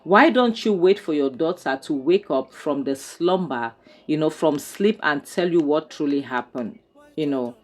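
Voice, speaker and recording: In a deep, animated voice, a woman runs through a film episode in offhand commentary. She speaks fast and sounds exasperated, her review thick with "you know" and "um."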